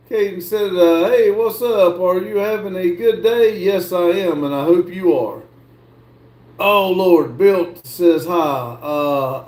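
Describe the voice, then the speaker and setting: Slow-talking man in an echoey room. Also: on the high side, darkish tone. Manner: slow, drawling, reads comments aloud and answers. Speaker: livestream host reading chat. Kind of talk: casual chat.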